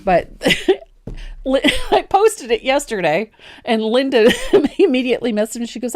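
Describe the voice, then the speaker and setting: A woman hosting a live painting tutorial, chatty and quick to laugh, poking fun at herself as she explains each step. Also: mid-range voice, lively intonation, a little mellow. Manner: chatty, laughs easily, self-deprecating. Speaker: host and painting teacher.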